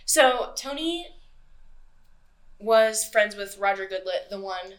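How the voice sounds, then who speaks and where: A woman's voice: medium pitch, animated, takes it slowly. A young woman hosting a casual true-crime podcast, telling the story loosely with swearing and acted-out quotes. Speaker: podcast host.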